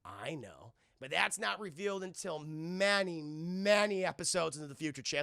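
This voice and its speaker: A man casually recapping a cartoon episode for his stream chat, animated and profane, often breaking into laughter. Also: high-pitched, normal speed, vocal fry, no room sound, clean studio sound.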